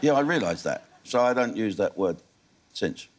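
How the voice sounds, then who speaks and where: A man's voice: on the low side, lively intonation, moderate pace, slight background noise. A man, a comedian answering interview questions candidly and laughing at his own punchlines in a TV studio. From England. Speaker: comedian guest. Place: television studio.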